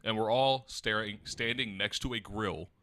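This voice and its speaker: A man's voice: on the low side, normal speed, pushed and bright. A man in his twenties co-hosting a podcast, chatting casually and telling stories with a laugh. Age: 20s. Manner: laid-back, laughing storyteller. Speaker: podcast co-host. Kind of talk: casual chat.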